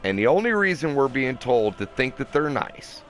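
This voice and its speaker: A man's voice: mid-range voice, big pitch swings, moderate pace, fairly bright tone, soft background music. A young man ranting in an angry, profane monologue, heated and preachy, in a car. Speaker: vlogger. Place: in a car at a drive-through.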